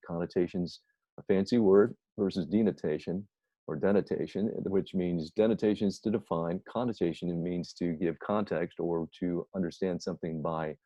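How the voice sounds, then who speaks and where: A middle-aged man delivers a recorded lecture in a deep, warm voice. He explains ideas carefully, often asking a question and then answering it. The sound is dry and slightly dull, like a lo-fi classroom recording. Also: no echo. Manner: explanatory, asks and answers his own questions. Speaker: instructor.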